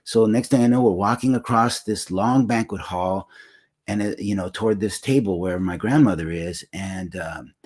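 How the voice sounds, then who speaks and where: A man in his sixties shares a personal memory in a slow, reflective way, often pausing and starting over. His voice sits low and has a husky edge. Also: a little mellow. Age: 60s. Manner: reflective, unhurried, with frequent fillers and restarts. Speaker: singer-songwriter hosting a livestream. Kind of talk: personal storytelling.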